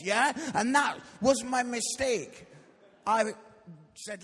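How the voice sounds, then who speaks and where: Scottish preacher in his forties, comic storyteller, husky and high, live church recording with hall echo. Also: takes it slowly, long pauses, a bit bright. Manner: jokey, tags lines with "yeah?", acts out quotes. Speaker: guest preacher. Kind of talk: humorous storytelling sermon.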